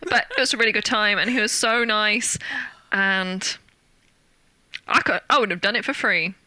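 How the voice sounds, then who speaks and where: Young british woman, very bright voice, dry close sound, animated storytelling. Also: normal speed, no room sound. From Britain. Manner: animated storyteller, acts out quotes with big jumps in pitch. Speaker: guest actor. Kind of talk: casual interview chat.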